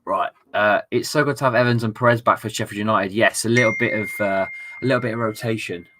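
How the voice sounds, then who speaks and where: A man's voice: on the low side, steady tone, fast, noisy background. A young man chatting casually on a football live stream, reading viewer messages aloud and laughing often.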